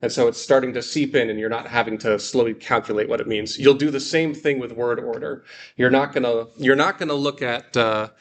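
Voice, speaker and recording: A man's voice: mid-range voice, steady tone, fairly quick. A man leading a guided reading class, explaining step by step with frequent fillers and restarts. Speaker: Greek teacher.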